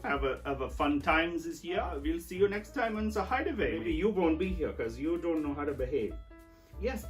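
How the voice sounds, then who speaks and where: A man's voice: a little high, fairly bright tone. A man playing a theatrical eccentric with a put-on German accent, showing off odd old gadgets in a comic sketch. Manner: hammy, theatrical, scolds a doll.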